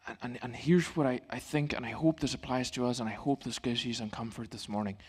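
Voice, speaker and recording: Calm, gentle male pastor preaching. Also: medium pitch, fairly quick, slightly rough. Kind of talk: sermon. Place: church.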